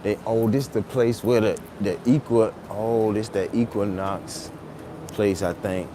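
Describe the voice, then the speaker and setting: A man's voice: lowish voice, measured pace, noisy background. A man, telling a story live while walking city streets in the rain, recorded on a phone. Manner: animated retelling, acts out quotes loudly, then muses quietly. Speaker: vlogger.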